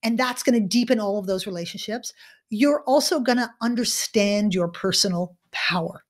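As a guest and keynote speaker, a woman tells a story during an interview, animated and dramatic, her delivery swinging from loud to hushed. Her voice is mid-range and she keeps a moderate pace.

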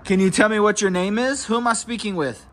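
A man exploring an abandoned house, asking spirits short questions in a ghost-hunting session and reacting in hushed tones. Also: high-pitched, fairly even intonation, brisk, a little hiss or hum. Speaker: paranormal explorer vlogger. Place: outdoors at an abandoned house, on a porch.

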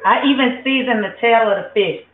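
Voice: medium pitch, a little fast, slight background noise. A home cook, chatting loosely and with lots of swearing to viewers while cooking in a kitchen. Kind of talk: casual cooking vlog. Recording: tinny, phone-like and echoey.

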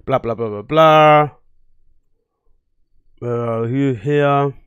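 A man's voice: mid-range voice, very slow, fairly bright tone, clean tone, highs cut off. A man hosting his own podcast, ranting in a blunt, profane, rambling way, often getting heated. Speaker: podcast host. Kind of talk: casual solo rant.

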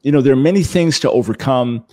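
A man speaking as an interview guest, animated, often repeating words as he builds a point. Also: mid-range voice, fast, no room sound. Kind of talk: conversational interview.

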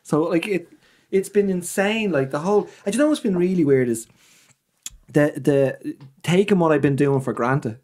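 Irish male comedian, guest in a chat, lively, foul-mouthed storyteller, slightly high voice. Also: moderate pace. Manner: animated, swearing, comic storyteller.

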